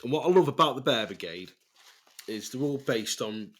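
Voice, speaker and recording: A man's voice: mid-range voice, expressive, normal speed, a bit bright. Man, English accent, middle-aged, podcast host, rambling, sweary, laughs a lot. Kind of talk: casual rambling chat.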